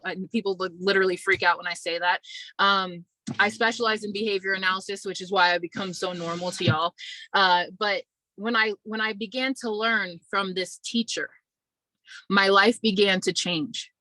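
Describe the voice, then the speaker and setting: A woman's voice: medium pitch, bright, forceful tone, no echo, low-quality recording. A woman in her twenties hosting an online community, talking casually and motivationally to her viewers, calling them y'all. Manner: chatty, testimonial, addresses viewers as y'all. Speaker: online business community host.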